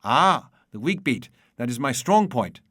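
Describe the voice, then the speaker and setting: A man's voice: medium pitch, big pitch swings, measured pace, dry recording. A man reading a memoir aloud and voicing a reserved, patient dance-band conductor. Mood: dry. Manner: reserved, dry, quiet. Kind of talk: audiobook reading.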